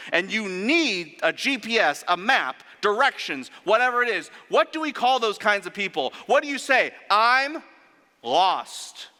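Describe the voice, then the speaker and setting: A man preaching a sermon in an animated way, firing off rhetorical questions and sarcastic asides. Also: high-pitched. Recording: long reverb of a large hall.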